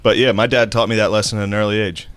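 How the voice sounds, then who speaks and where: Male co-host, low voice, laughing trash-talker. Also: level tone, rapid-fire, fairly bright tone, clean tone, no echo. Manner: trash-talking, laughs through his stories. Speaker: podcast co-host. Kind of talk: casual chat.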